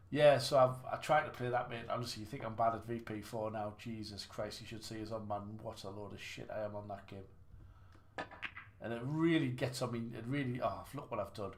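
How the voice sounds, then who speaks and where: There's a little hiss or hum on the recording of this man's mid-range voice. He livestreams snooker with casual live commentary, joking about his own play and restarting his rambling remarks.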